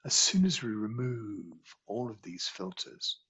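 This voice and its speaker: A man teaching a qigong healing class, guiding a slow, soothing meditation with repetitive phrasing. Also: lowish voice, sing-song, a bit bright, slightly rough.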